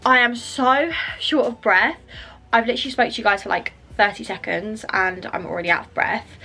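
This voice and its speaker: A woman's voice: on the high side, pushed and bright. A young woman from the UK chatting casually to camera in a vlog, out of breath and rambling with lots of "like" and "um". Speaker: vlogger.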